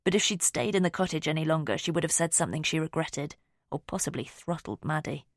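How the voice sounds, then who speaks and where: Female audiobook narrator; low and measured, dry. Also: no echo.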